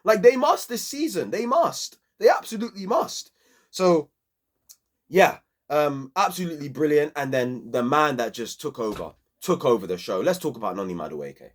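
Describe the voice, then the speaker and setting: A man's voice: a little high, big pitch swings, normal speed. A young man, giving a passionate, slangy football match review on his own channel.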